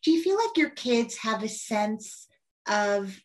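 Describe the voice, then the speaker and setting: A woman's voice: fairly high pitch, very animated, slow. A woman interviewing an author, eager and enthusiastic, asking long winding questions. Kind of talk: conversational interview.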